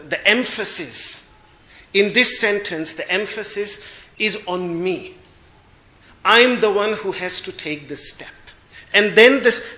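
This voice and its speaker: A man giving a spiritual discourse as a Vedanta teacher, slow and measured, pausing to search for words as he explains. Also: fairly high pitch, pushed and bright, roomy sound.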